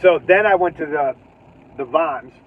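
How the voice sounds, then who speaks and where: A man with a fairly high voice tells a rambling, animated story, swearing and laughing as he acts out his own reactions. The sound is tinny and thin, like a phone call from inside a car. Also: unhurried, a little hiss or hum. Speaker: livestream host. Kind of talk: casual storytelling. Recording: tinny phone-like livestream audio.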